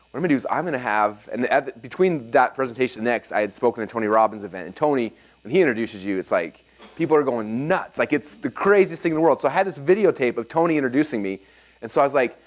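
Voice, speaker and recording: A man speaks quickly to a live seminar room, his pitch sitting in an ordinary middle register. He teaches through energetic stories, tripping over restarts and filling gaps with "um" and "like" as he goes. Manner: energetic storytelling with many fillers and restarts.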